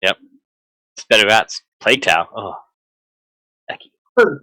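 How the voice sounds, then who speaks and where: A man running a tabletop horror game live, chatty and animated, with many fillers and restarts. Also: lowish voice, moderate pace, slight background noise, poor audio. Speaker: game master.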